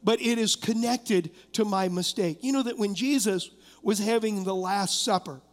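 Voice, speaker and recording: A pastor with an unusually high voice preaches passionately from the pulpit at a normal pace, repeatedly asking the congregation direct questions. The sanctuary's long reverb trails each phrase.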